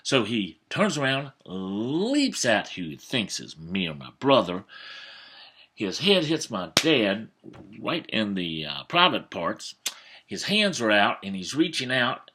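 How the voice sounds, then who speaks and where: A man in his fifties telling a family story in a folksy, animated way, with some hesitations. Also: on the low side, takes it slowly. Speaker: vlogger. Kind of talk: storytelling monologue.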